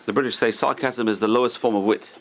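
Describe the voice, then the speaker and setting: A man's voice: medium pitch, fairly even intonation, fast, a crowd in the background. A man teaching an informal Torah class as a rabbi, talking conversationally and acting out gossipy lines with joking asides.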